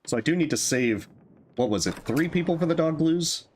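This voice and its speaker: Brief: male streamer, casual gameplay talk, lively varied pitch, mulling decisions aloud. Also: normal speed, slight background noise. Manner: thinking aloud, musing over choices. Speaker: streamer playing a game.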